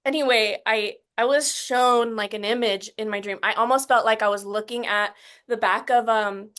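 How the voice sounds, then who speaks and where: A woman in her thirties as an interview guest, recounting a painful story in an earnest, halting way with many restarts, sometimes getting emotional. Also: a little high, steady tone, a bit bright. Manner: gets emotional while recounting.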